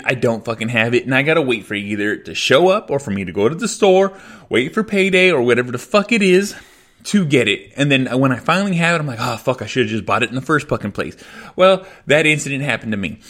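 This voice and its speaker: Frustrated solo podcast host, swears constantly and runs himself down; slightly higher male voice. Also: fairly bright tone. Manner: profane and venting, self-deprecating. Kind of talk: solo rant.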